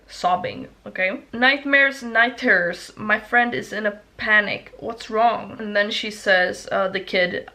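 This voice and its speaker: Woman reading creepy kid stories out loud, bright sharp voice, trips on words n swears. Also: medium pitch, lively intonation, measured pace, hardly any pauses. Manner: stumbles over words, swears in asides. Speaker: YouTuber reading stories aloud. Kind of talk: casual reading with commentary.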